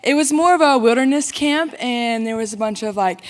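A woman's voice: on the high side, normal speed. A woman making upbeat announcements to a church congregation, speaking energetically to the crowd.

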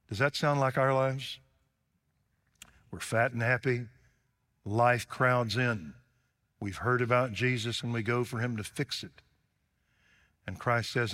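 A male preacher giving a sermon, animated, acting out both sides of a dialogue. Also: mid-range voice, slow pace, long pauses. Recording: long hall reverb.

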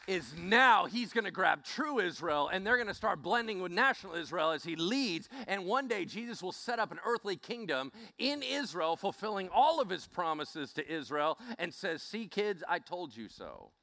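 Animated, lively-voiced male pastor preaching. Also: high-pitched, moderate pace, creaky, hardly any pauses, dry recording. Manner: animated storytelling with call-outs to the congregation. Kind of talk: sermon.

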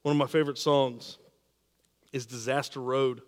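A man preaching a sermon, repeating and restarting words, swinging between emphatic peaks and quiet drops. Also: medium pitch, flat delivery, normal speed, in a large hall. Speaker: pastor.

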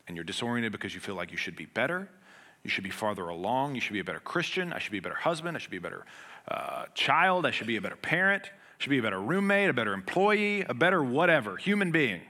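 A man preaching a sermon as pastor. He talks in an earnest, conversational way with everyday humor, swinging between loud emphatic passages and hushed ones. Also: medium pitch, sing-song, fast talker.

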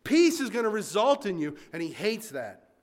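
A man preaching a sermon, swinging from loud emphatic points to quiet asides and acting out listeners' complaints in mock voices. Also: high voice, big pitch swings, moderate pace. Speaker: pastor.

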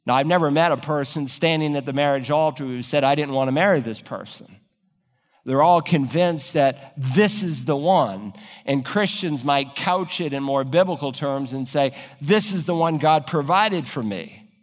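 A man delivers a sermon from the pulpit, his voice sitting a touch higher than most men's. He builds phrases toward emphatic peaks. A long reverb from a large church hall trails each line. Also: moderate pace. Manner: preaching with rising emphatic peaks. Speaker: pastor.

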